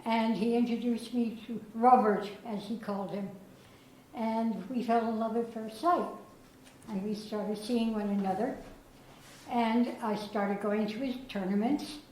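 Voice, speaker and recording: A woman's voice: on the high side, steady tone, unhurried, mellow, slight background noise. An older woman from Germany giving a storytelling speech at a prize reception, her words slightly slurred from dental work. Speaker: guest speaker presenting prizes. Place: chess club reception room. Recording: echoey room, faint ambience.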